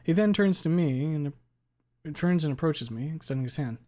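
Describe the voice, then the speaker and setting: A man reading a visual novel aloud in the first person, with a steady, even delivery. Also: on the high side, moderate pace. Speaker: narrator.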